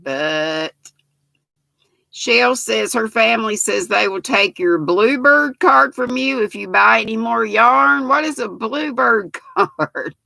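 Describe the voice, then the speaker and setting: A woman's voice: fairly high pitch, animated, takes it slowly, creaky, sharp tone, no room sound. A woman in her sixties with a Southern American accent, hosting a casual livestream and chatting folksily as she reads viewer comments aloud. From North Carolina, US. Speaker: livestream host.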